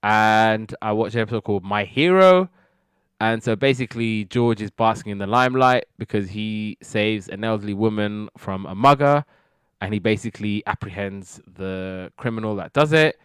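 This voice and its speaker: A man's voice: lowish voice, moderate pace, clean tone, dry recording, studio quality. A man casually recapping TV sitcom episodes, rambling with lots of fillers and slipping into quoted character lines. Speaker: TV review podcast host.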